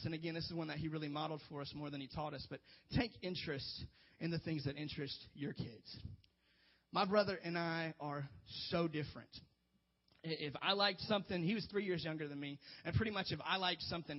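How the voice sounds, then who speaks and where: A man's voice: a little high, gravelly. A man preaching as a youth pastor, earnest and emphatic, with joking asides. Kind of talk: sermon. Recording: dull lo-fi sound.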